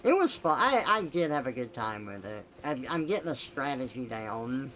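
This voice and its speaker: A man's voice: medium pitch, big pitch swings, moderate pace, sharp tone, low-quality recording. A man streaming a video game, chatting casually and rambling with lots of fillers. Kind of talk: casual chat while gaming. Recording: game music behind.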